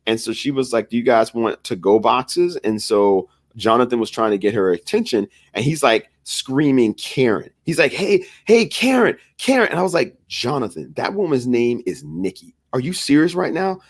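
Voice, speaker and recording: A man's voice: mid-range voice, moderate pace, hardly any pauses, no echo. A man co-hosting a podcast, telling a story in a casual chat and acting out the people he quotes. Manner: animated, acts out quoted voices. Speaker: podcast co-host.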